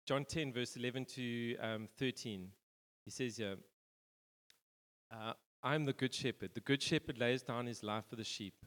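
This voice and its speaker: A man's voice: medium pitch, a bit bright. A man preaching a casual, rambling sermon, full of fillers and restarts. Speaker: pastor. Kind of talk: conversational sermon. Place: church hall. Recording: reverberant church hall.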